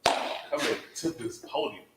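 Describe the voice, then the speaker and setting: A man's voice: a little slow, noisy background. A man hosting a live event, bantering and joking with the crowd. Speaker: event emcee. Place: hotel event hall. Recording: echoey hall with a crowd.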